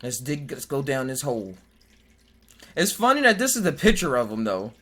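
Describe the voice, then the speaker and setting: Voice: mid-range voice, very animated, moderate pace, a bit bright. A podcast host in casual chat who jokes, laughs often, and stumbles over hard words while reading aloud from web pages.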